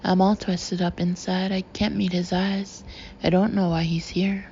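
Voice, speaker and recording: A woman reads a first-person novel aloud in a mellow, warm voice, drawing the listener close. Her delivery is intimate and emotional, and the recording sounds slightly dull and muffled, with faint background noise. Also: on the low side, level tone, unhurried. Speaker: audiobook narrator. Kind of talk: first-person audiobook narration.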